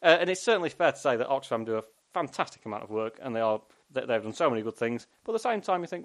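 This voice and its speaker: A man's voice: medium pitch, animated, rapid-fire, hardly any pauses. A man from England with a Sheffield accent, co-hosting a podcast in casual chat, wry and jokey, acting out imagined thoughts. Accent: Sheffield English. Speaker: podcast co-host.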